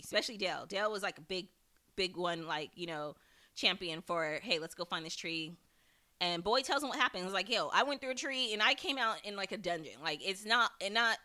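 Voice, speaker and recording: Female podcast host, solo episode review: candid, profane, crisp bright tone. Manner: candid, profane, laughs often, mimics characters in high voices.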